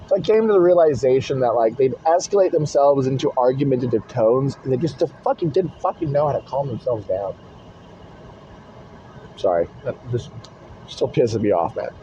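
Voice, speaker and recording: A man's voice: mid-range voice, expressive, normal speed, mellow, slight background noise. A man rambling in a casual vlog from inside his car, blunt and swearing constantly, recorded on a phone camera in a car holder. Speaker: vlogger. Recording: dull lo-fi phone audio in car.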